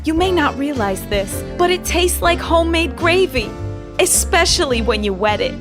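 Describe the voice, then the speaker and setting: A woman's voice: high-pitched, lively intonation, normal speed. A woman voicing a devoted pet dog in a scripted ad, gushing and grateful toward its owner. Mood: adoring. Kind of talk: scripted ad voice-over. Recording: voice over music bed.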